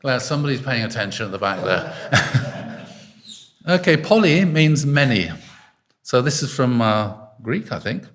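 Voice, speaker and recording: A man's voice: mid-range voice, expressive, a little slow. Chatty male preacher quizzing his congregation. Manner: chatty, quizzes listeners with frequent fillers. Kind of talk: informal sermon with congregation questions. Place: arts centre hall.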